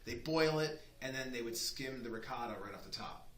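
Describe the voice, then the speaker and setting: A man's voice: mid-range voice, brisk. A man in his thirties, a chef chatting as a guest, telling stories and acting out the people in them. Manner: animated storyteller acting out quoted voices. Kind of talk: casual chat. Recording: echoey room with faint noise.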